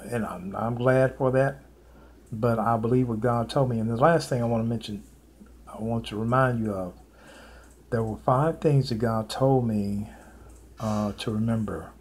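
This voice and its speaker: A man's voice: mid-range voice, a little mellow. Earnest man preaching with faint hiss. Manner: repetitive, earnest, with many pauses and fillers. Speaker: preacher sharing prophetic visions. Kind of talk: informal spoken sermon to camera.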